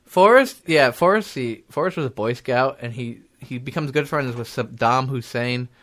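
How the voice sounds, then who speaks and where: A man's voice: mid-range voice, moderate pace, very noisy. A young man hosts a loose, joking talk show at a college radio station. He rambles on, spinning silly made-up stories in a medium voice. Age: young adult. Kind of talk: casual comedic chat.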